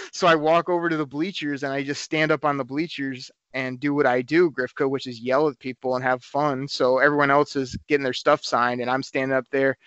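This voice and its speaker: A man co-hosting a podcast, telling a story in a casual, animated way and acting out the quotes. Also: mid-range voice, fast, smooth, no echo, muffled recording. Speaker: podcast co-host.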